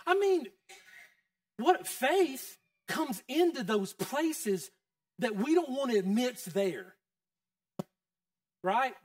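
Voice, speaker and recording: Man, pastor, conversational sermon, high and lively, distant dry mic. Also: takes it slowly, pauses often, no room sound. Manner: conversational, quizzing the congregation. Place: church.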